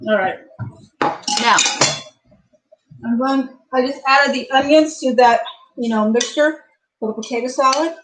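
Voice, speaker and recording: A woman's voice: on the high side, a little hiss or hum, low-quality recording. A woman hosting a live home cooking stream, chatting to viewers and to herself as she chops and mixes. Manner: chatty, talks to herself while cooking, sings and playfully whines. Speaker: cooking channel host. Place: home kitchen.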